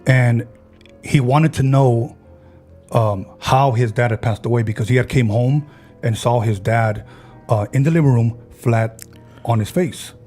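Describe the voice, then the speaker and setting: A man's voice: medium pitch, unhurried, warm tone, soft background music. A man on a podcast, casually retelling a friend's ghost story and acting out the people in it.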